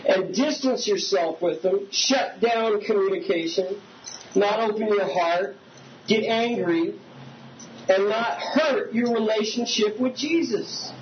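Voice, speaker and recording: A man's voice: sits high, slow. A man preaching a conversational sermon as pastor, often asking the congregation questions. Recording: slightly dull recording with faint hiss.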